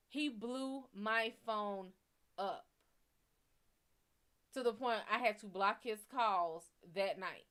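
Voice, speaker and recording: A woman's voice: a little high, takes it slowly, long pauses, a bit bright. A woman hosting a show, telling a story in a blunt, profane and heated way. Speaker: psychic reader and show host. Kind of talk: casual storytelling.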